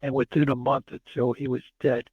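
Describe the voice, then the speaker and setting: Speaking briskly in a medium pitch, slightly rough, this eighty-something interview guest tells stories and performs the dialogue with animation. The sound is lo-fi with no room sound.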